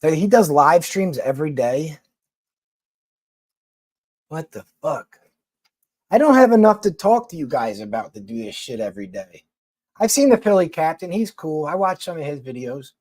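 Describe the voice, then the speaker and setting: A man with a Philadelphia accent talks loosely to his livestream audience, swearing freely and wandering from point to point. His voice sits a little high for a man. The sound is dry and close, with no room around it. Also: very animated, normal speed, pauses often, darkish tone, no room sound. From New York City. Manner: profane, rambling, blunt. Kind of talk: casual livestream chat answering viewers.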